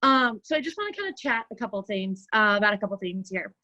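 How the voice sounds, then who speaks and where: A woman's voice: medium pitch, very animated, quick pace, pushed and bright, muffled recording. A woman fitness coach giving an upbeat motivational talk over a video call, chatty and peppy, often tossing in "like" and "right?". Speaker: fitness coach speaking at a virtual brunch.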